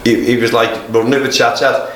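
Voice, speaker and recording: A man's voice: medium pitch, level tone, fairly quick. A man, a former footballer, telling candid stories as a podcast guest, swearing constantly, laughing through them and tacking "mate" onto his sentences. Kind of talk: candid storytelling in casual chat. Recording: very echoey room.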